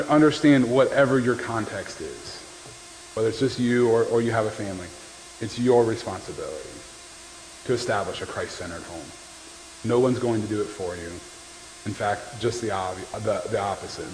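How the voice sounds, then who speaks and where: A man preaching a sermon as the pastor, in a conversational, joking way that keeps checking in with the listeners. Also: on the low side. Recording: long hall reverb with faint background noise.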